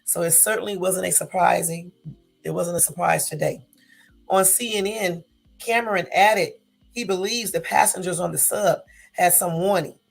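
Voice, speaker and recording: Woman, gravelly, on the low side, casual news commentary that stops to fix slips. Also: normal speed, faint music behind. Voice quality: gravelly morning voice. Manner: reads aloud with self-corrections and asides.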